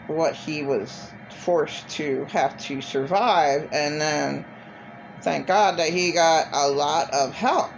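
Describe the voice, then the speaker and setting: A woman's voice: sits low, slight background noise, low-quality recording. A middle-aged woman vlogging in a blunt, profane, repetitive rant. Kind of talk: casual monologue.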